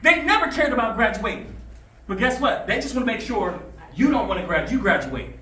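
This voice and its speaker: A man's voice: sits high, brisk. Man, motivational speaker at a school, call-and-response, echoey classroom, distant mic. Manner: animated, calls for answers, storytelling. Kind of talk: motivational talk to high school students.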